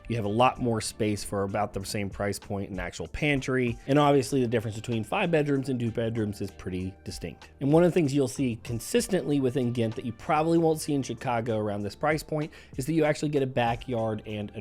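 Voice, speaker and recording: Hoarse, upbeat man over soft music. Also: mid-range voice. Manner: upbeat, chatty and conversational. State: hoarse from recent illness. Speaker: real estate agent. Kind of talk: casual real estate video walkthrough.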